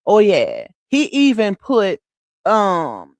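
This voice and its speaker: A woman's voice: mid-range voice, wildly swooping pitch, extremely slow, darkish tone, dry recording. Woman livestream host, casual slangy chat, dry close sound. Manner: chatty, slangy, speaks straight to the chat.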